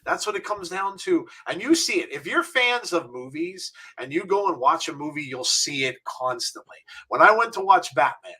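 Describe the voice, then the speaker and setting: A man's voice: fairly high pitch, lively intonation, normal speed, few pauses, sharp tone, breathy edge. A man co-hosting a wrestling talk show, laughing often and sounding exasperated at online complainers. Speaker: podcast co-host. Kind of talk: casual chat.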